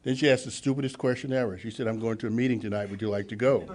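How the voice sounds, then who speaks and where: A man speaking at a recovery meeting, telling his own story and acting out the dialogue, swinging from hushed to loud. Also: medium pitch, steady tone, very fast. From Los Angeles. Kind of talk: personal testimony at a meeting.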